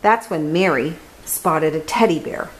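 A woman hosting a children's reading show, reading a picture book aloud in a gentle, careful way. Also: deep voice, a little slow, rough recording. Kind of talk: storybook read-aloud.

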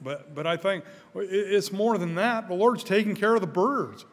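An older man preaching a sermon in a church, earnest, often repeating his first words, growing louder when stirred. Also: high-pitched, normal speed. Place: church sanctuary. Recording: church hall with long reverb.

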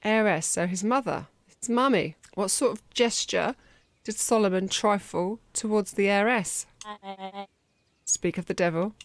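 A woman's voice: mid-range voice, a little slow, no room sound. A woman commenting on a story game and reading its dialogue aloud in a playful way. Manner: playful, reads lines with light voices. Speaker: gameplay streamer. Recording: game music playing behind.

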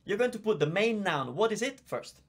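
His voice is high and very animated, moving at a moderate pace. He's a native Italian teacher with an Italian accent hosting a live online Q&A lesson, patiently explaining and chatting as he reads viewer comments into a visible mic.

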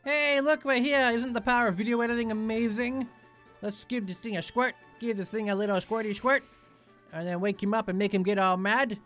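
A man's voice: sits high, steady tone, fairly quick, fairly bright tone, faint music behind. A young man giving rambling, jokey commentary while he plays a video game. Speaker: let's play gamer. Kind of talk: casual gameplay commentary.

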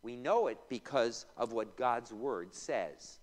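A man's voice: mid-range voice, expressive, takes it slowly, hardly any pauses. A man, a pastor, teaching a Bible class in a church. He tosses in joking asides, reads scripture aloud and quizzes the class. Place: church room. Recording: reverberant church hall.

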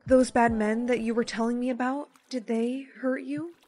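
Young woman, POV skit storyteller, high and expressive. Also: moderate pace. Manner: expressive, gasping surprise.

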